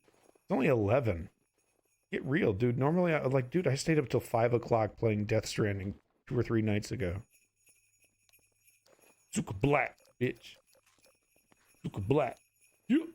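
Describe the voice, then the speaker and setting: A man's voice: medium pitch, expressive, normal speed, darkish tone. A sleepy man streaming a game, rambling through goofy, profane banter as he plays. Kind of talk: casual gameplay commentary.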